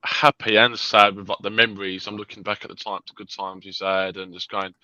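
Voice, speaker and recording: A man's voice: lowish voice, flat delivery, brisk, bright, forceful tone, muffled recording. A man on a chat panel, talking frankly and heatedly and swearing freely. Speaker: panel guest. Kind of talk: casual chat.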